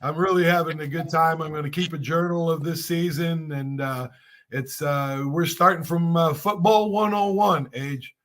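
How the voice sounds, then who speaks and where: An older man with a hoarse voice hosting a casual talk-show interview, chatty and halting, with many fillers. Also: on the high side, fairly even intonation, a bit bright. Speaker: host.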